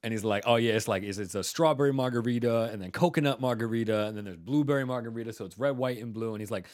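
A man in casual chat, telling an animated story full of swearing and acted-out quotes. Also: medium pitch, fast.

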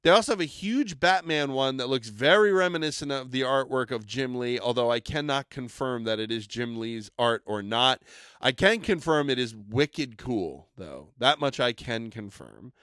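Upbeat man, smooth voice, dry mic. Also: medium pitch, expressive, normal speed, fairly bright tone, no room sound. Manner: enthusiastic, rambling, hypes products. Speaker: podcast co-host reviewing toys and collectibles. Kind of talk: casual podcast chat.

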